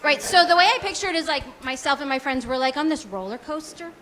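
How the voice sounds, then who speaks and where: On a small comedy club stage, a woman in her forties performs a stand-up set in a high, expressive, quick voice that sounds pushed and bright. She is chatty and self-deprecating, her speech full of likes and ums.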